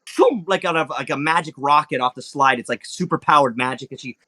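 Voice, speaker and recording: A man narrating as game master, animated, with sound effects and lots of fillers. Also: a little high, fairly quick.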